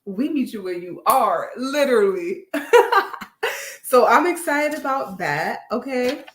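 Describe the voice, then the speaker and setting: A woman's voice: a little high, lively intonation, takes it slowly, echoey room. A woman hosting a casual motivational talk, upbeat and slangy, often checking in with her listeners. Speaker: host.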